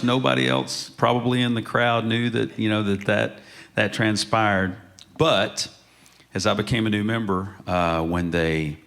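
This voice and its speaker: A man telling lively stories as a panel guest on a museum stage, often laughing as he gets to the punchline. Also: deep voice, gravelly. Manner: storytelling, laughs through punchlines. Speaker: panel guest, country singer. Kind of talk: animated anecdote telling.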